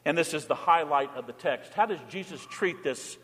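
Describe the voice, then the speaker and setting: A man preaching to his congregation with a high, light voice that rings through a reverberant church. He shifts between plain teaching and short acted-out pleas, each spoken in a quoted voice. The sermon keeps a steady, earnest delivery throughout. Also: moderate pace. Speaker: pastor.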